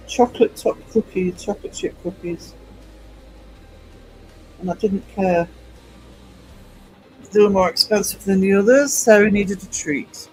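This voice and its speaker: A man's voice: high voice, a little slow, long pauses, a little mellow, a little hiss or hum, poor audio. A man, an artist chatting casually and rambling to his stream viewers as he works, laughing easily.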